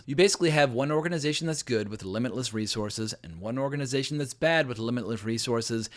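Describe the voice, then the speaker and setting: A middle-aged man hosting his own film review channel, giving a blunt, emphatic and sarcastic verdict on a new show. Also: mid-range voice. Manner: sarcastic asides. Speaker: film critic, channel host. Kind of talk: opinionated video review.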